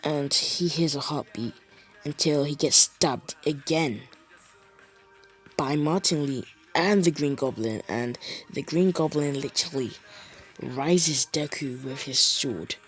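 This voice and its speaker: A man's voice: a little high, slow pace, breathy edge, soft background music, rough recording. A young man casually retelling a fan story, rambling with fillers and asides.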